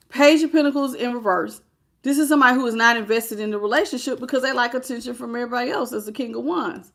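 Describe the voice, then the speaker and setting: A woman's voice: a little high, normal speed. Emotional woman doing a tarot reading. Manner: emotional, expressive, greets live chat. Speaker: tarot reader.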